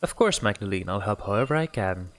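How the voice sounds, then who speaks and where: A man's voice: on the low side, animated, brisk, fairly bright tone, slight background noise. Man reading as a kindly old nun. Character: kindly older woman, a nun.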